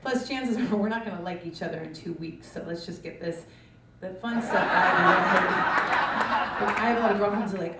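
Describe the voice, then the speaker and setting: A woman's voice: medium pitch, a little fast. A woman from New Jersey performing a brash, profane stand-up comedy routine on a club stage before a live audience. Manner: brash, profane, punchy delivery. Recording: roomy club recording from a distance, audience noise.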